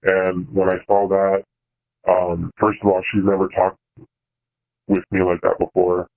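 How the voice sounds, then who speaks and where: A young man speaks over a tinny phone line, his voice deep and held to a narrow, even pitch. He is confiding a hard personal experience as a caller. His delivery is halting, full of fillers and false starts. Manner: halting, hesitant, many fillers and restarts. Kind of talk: personal confession on a call-in show.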